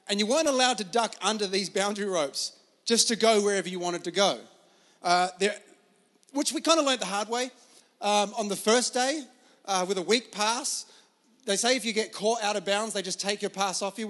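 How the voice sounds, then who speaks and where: A man's voice: sits high, fairly bright tone. A man with an Australian accent preaching a sermon, telling stories in a casual, chatty way. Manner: casual, storytelling, lots of fillers. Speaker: pastor. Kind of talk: sermon with storytelling.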